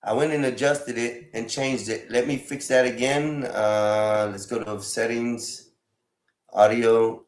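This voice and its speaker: Recorded on a phone, a man with a mid-range voice and level tone hosts a casual livestream, talking slowly to his chat. He's often exasperated and swears a lot.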